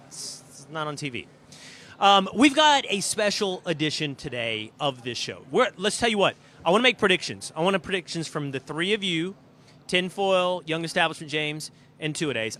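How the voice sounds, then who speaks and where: A middle-aged man hosting a show, telling casual stories and previewing guests in an animated, emphatic way from a green room. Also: fairly high pitch, a little hiss or hum. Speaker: show host. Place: green room at a live event.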